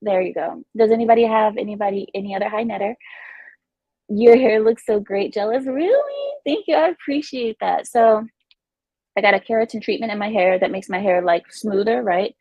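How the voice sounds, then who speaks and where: A woman's voice: mid-range voice, steady tone, a little fast, dry recording. A woman hosting a casual livestream, chatting and reading out viewer comments. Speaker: livestream host. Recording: dull lo-fi dry sound.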